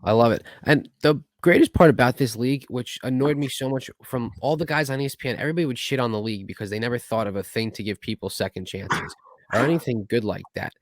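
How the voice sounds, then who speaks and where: A man's voice: medium pitch, fast talker, no echo, studio quality. A young man hosting a casual podcast, talking eagerly and retelling his conversations at length. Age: young adult. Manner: eager, rambling, retells talks with "I go". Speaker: podcast host. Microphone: video call.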